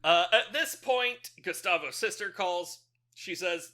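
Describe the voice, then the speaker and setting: A man's voice: sits high, unhurried, bright, forceful tone. A man co-hosting a podcast, casually recapping a movie plot in a rambling way with loose fillers and frequent chuckles. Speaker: podcast co-host.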